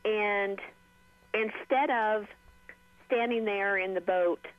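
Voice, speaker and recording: Soft-spoken woman on a tinny phone line. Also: mid-range voice, steady tone, slow pace. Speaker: caller sharing testimony. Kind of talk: phone-in testimony.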